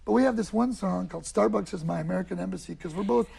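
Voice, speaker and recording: A middle-aged man with a high voice and a heavily gravelly, rough edge. He talks in an animated, joking way, breaking into drum sounds and funny voices. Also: fast. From Detroit, US. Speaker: guest drummer. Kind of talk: casual chat.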